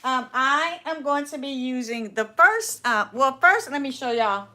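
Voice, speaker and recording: A bright, fairly high-voiced woman with a Southern US accent chats through a crafting livestream. She talks in a folksy, rambling way and says "y'all" often. She trails off and restarts her sentences as she works. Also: animated, unhurried. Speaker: furniture upcycling livestream host. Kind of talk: casual livestream chat.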